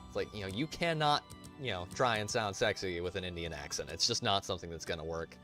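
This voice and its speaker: A man's voice: low-pitched, fast talker, sharp tone, faint music behind. A man hosting a casual let's-play stream, chatting in a rambling, profane, self-interrupting way. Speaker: gaming channel host.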